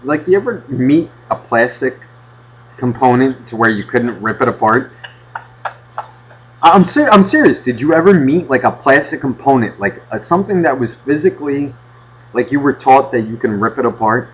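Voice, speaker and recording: A male podcast host telling a profane, ranting story in casual chat with a husky voice. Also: mid-range voice, animated, moderate pace, highs cut off, slight background noise.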